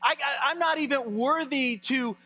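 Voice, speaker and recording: A preacher voicing an awestruck, excitable young prophet who stammers in protest. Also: male voice, very high voice, moderate pace, pitched above the performer's own voice. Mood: incredulous. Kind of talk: sermon retelling.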